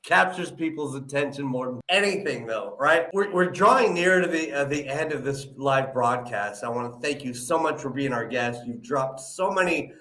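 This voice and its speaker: A man's voice: medium pitch, animated, normal speed, few pauses, sharp tone. Male interview host with a slight lisp, upbeat and coaching, echoey room sound. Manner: encouraging, peppers talk with "you know" and "right?". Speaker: show host. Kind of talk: live interview, coaching advice.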